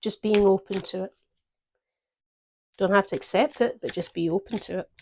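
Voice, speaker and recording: A woman giving a gentle, reflective tarot reading, pausing often to think. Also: medium pitch, a little hiss or hum. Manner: gentle, reflective, with pauses and fillers. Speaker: tarot reader.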